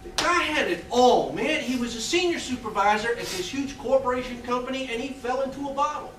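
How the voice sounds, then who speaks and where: A man performing a theatrical monologue on a small theatre stage, telling a confessional story with halting restarts. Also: very high voice, a bit bright. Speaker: stage actor playing a death row inmate. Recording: roomy theatre sound from a distant mic.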